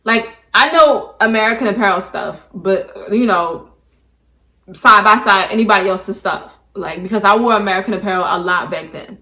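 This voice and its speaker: A woman's voice: mid-range voice, normal speed, bright, forceful tone. A young adult woman vlogger telling a casual story to camera, emphatic and saying "like" a lot. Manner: emphatic, peppers talk with "like". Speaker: beauty vlogger. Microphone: camera mic, talking to camera.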